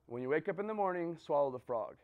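A man voicing a calm old male guru on a mountaintop who hands out terse, matter-of-fact advice. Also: on the high side, fast talker, narrow, tinny audio.

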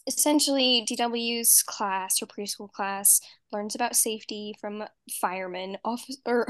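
A young woman with a slightly high voice talks casually and animatedly. She recaps a story in a chatty podcast tone, and her voice sounds close and dry. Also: unhurried, hardly any pauses, a bit bright, dry recording. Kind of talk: casual chat.

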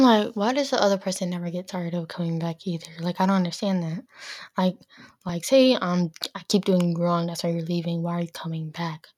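A woman's voice: mid-range voice, no room sound, studio quality. A teenage girl hosting her own podcast, ranting bluntly and exasperatedly with lots of filler words. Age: teens. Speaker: podcast host. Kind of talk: casual solo rant.

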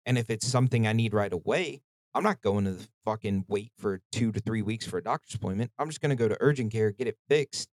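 A man's voice: fairly low pitch, fast talker, hardly any pauses, a little mellow, no echo. A man hosting a podcast, telling rambling stories in casual chat and swearing freely. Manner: profane, rambling storytelling. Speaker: podcast host.

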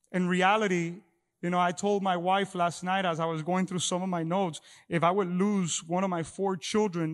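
A middle-aged man preaching a sermon as pastor, often repeating words as he talks. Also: high voice. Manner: halting with many repeated words. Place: church hall. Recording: long echo of a large hall.

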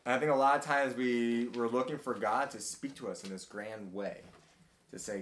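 A man leading a casual Bible study discussion, talking in a halting way with many fillers and restarts. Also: mid-range voice, steady tone, fairly bright tone, roomy sound. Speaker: group study leader.

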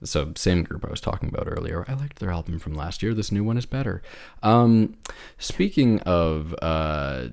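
A man co-hosting a casual podcast, talking haltingly with restarts and sudden excited jumps. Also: sits low, gravelly. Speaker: podcast co-host. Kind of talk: casual chat.

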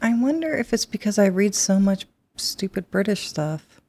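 An American woman co-hosting a podcast in casual chat, quick to joke at her own expense. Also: medium pitch, sing-song, a little mellow, no room sound. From United States. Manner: laughing and self-deprecating, quick asides. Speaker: podcast co-host.

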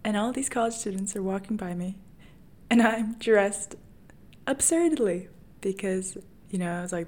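A woman's voice: medium pitch, moderate pace, darkish tone. A young woman hosting her own podcast, telling a personal story in a candid, self-mocking way and often laughing at herself. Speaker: podcast host.

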